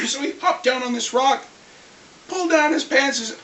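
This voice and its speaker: A vlogger getting over a cold, clearing the throat, telling a rambling, lively story about a tabletop game in a casual rant. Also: high-pitched, moderate pace. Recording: echoey room, far from mic, faint hiss.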